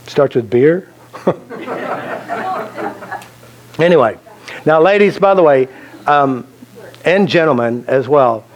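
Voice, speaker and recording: A man's voice: mid-range voice, muffled recording. A man teaching a self-help seminar, telling anecdotes and joking, asking the audience questions. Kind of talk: live seminar talk to an audience.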